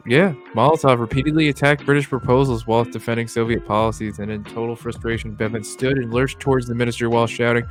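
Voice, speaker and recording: Laid-back guy cohosting a history stream, jokey, swears a lot, faint music in the background. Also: mid-range voice. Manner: loose and joking, swears casually. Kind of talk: casual chat with crude humor.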